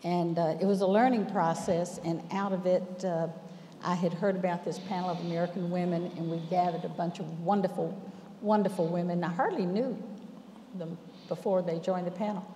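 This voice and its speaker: A woman's voice: on the low side, fairly even intonation, normal speed, mellow, slight background noise. A woman, telling personal stories on a panel in a chatty, rambling way. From Memphis, Tennessee. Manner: chatty, restarts often, laughs between thoughts. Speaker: alumna panelist. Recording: roomy hall with long reverb.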